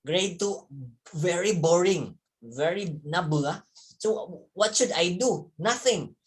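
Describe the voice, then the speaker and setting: A man's voice: high-pitched, expressive, takes it slowly. A man, a teacher telling young students a story from his childhood, repeating words and chuckling as he goes. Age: 30s.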